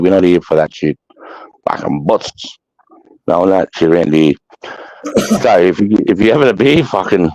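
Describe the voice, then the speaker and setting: A middle-aged Australian man hosting a casual livestream chat, blunt and swearing often, telling stories with animated, jumping energy. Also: low voice, dry recording. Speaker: livestream host, army veteran. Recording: dull, dry lo-fi stream audio.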